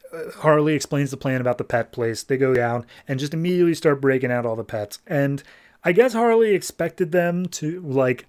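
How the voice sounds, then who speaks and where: A man hosting a podcast, recapping a comic issue in a loose, rambling way with plenty of fillers. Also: darkish tone. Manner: briefly shifts pitch for quoted characters. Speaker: podcast host. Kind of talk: casual comic book recap.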